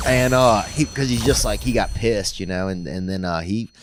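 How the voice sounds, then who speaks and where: A man in his thirties hosts a podcast, spinning long rambling stories in slangy casual chat full of "bro" and "dude." His voice is low-pitched at a moderate pace, and there's a little hiss or hum on the recording.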